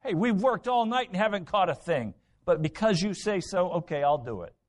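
An impulsive, blustering fisherman disciple in a Bible retelling, as a preacher puts him on. He argues and pleads in a slightly high male voice, earnest and pushy. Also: lively intonation, normal speed. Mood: pleading.

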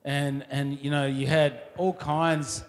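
A man with a slightly high voice talks over old times in a loose, easygoing way. He rambles through his sentences and leans on filler words. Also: slow. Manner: relaxed, rambling, many fillers. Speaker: surfer looking back. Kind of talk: casual reminiscing.

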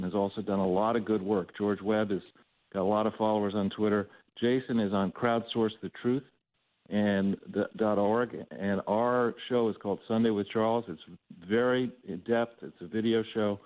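A man's voice: lowish voice, fairly even intonation, normal speed. A man calling in as a talk radio guest, talking in a roundabout way with frequent fillers. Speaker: phone-in guest. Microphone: telephone. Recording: tinny phone line.

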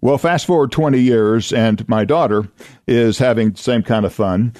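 A man's voice: medium pitch, moderate pace, a little mellow, dry recording, studio quality. An older man from Oklahoma, a radio host and former youth minister telling folksy anecdotes, chuckling and acting out voices. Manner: chuckling, acts out voices in his stories.

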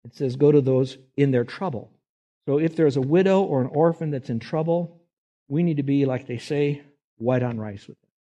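Male pastor, emphatic sermon delivery, mid-pitched voice, slightly off-mic at times. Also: moderate pace, dark tone, dull audio. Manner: emphatic preaching, voices quoted figures with rising pitch.

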